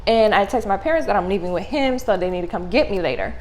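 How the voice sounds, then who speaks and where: A young adult woman telling a story to her vlog audience in a casual, animated, blunt way, full of slang and swearing. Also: mid-range voice, fast, slight background noise, rough recording. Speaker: vlogger.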